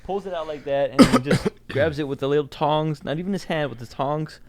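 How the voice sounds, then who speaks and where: A man co-hosting a podcast in relaxed, casual chat. He talks in an easygoing way, laughs often and keeps calling his friend bro. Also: on the high side, brisk. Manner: easygoing, laughs a lot, calls people bro. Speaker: podcast co-host.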